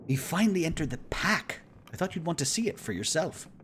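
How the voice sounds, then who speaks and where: A man's voice: a little high, expressive, brisk, fairly bright tone, slight background noise, voice pushed up. A man voicing a boastful, jovial celebrity explorer who speaks in a grand, self-satisfied way. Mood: cheerful.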